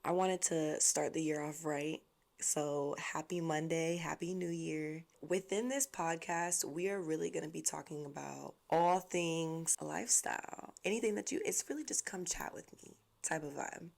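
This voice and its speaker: A woman's voice: sits low, normal speed, vocal fry, a little mellow. A young woman from Southwest Florida hosting her own podcast, chatting casually and playfully with plenty of slang and laughter. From Southwest Florida, USA. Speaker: podcast host. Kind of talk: casual chat.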